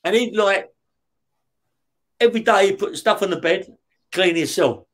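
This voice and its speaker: A man's voice: high-pitched, unhurried. Swearing London man telling old stories. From West London. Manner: swears a lot, often checks in with "yeah?". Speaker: interview guest, former prisoner. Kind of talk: casual storytelling.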